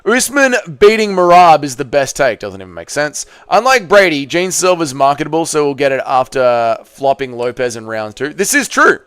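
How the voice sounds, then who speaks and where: A man's voice: a little high, animated, moderate pace, few pauses, fairly bright tone, smooth, no room sound, studio quality. A man hosting a casual livestream, reading out viewer comments and answering in a blunt, sarcastic way while swearing freely. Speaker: livestream host.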